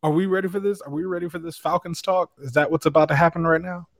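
A man hosting a casual sports talk show, animated, laughing often and restarting his sentences. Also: on the high side, quick pace. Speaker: podcast host.

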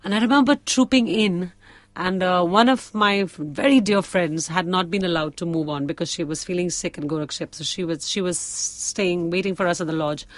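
Middle-aged Indian woman, interview guest, animated storyteller who voices the people in her tale, dry close sound. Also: on the low side, normal speed, dry recording. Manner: animated, acts out quoted dialogue with shifting voices. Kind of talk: conversational storytelling.

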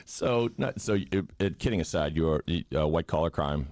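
Male host with a faint Boston accent, deep, dry close sound, teasing and rambling. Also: lively intonation, moderate pace, a little mellow, dry recording. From Boston area, USA. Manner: joking, teasing, rambling with restarts. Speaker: podcast host. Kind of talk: casual interview chat.

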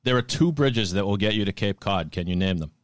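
Jokey Boston-accented host, very deep voice. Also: male voice, lively intonation, a little fast, no room sound, studio quality. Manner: jokey, chatty, laughing. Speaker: podcast host. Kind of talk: casual chat, quiz host.

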